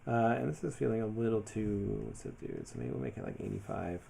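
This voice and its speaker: A man talking casually through his design work as he goes, thinking aloud in a relaxed way with many fillers. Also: on the low side, brisk, gravelly, slight background noise. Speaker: web developer building his portfolio. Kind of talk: casual screen-share commentary.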